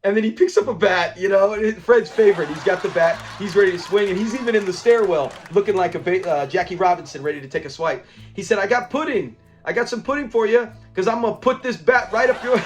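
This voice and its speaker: Guy with a high voice recapping an old sitcom episode, acting out lines, music quietly under it. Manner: animated retelling, acting out lines, laughing. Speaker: show review channel host.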